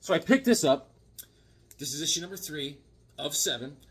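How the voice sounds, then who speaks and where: Husky, lively man in his fifties. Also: fairly high pitch, normal speed. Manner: animated and jokey, with sudden loud outbursts. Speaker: comic book collector. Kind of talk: casual chat showing comics.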